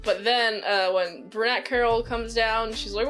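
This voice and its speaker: High-pitched woman doing a slow rambly movie recap, keeps cutting herself off and giggling. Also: steady tone, fairly bright tone, soft background music. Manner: rambling, self-interrupting, giggly. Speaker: movie reviewer.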